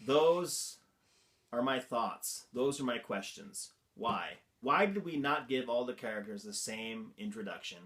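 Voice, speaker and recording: A man's voice: mid-range voice, lively intonation, unhurried, a bit bright. A man hosting a vlog, giving a casual movie review in an amused, incredulous manner and laughing often. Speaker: vlog host.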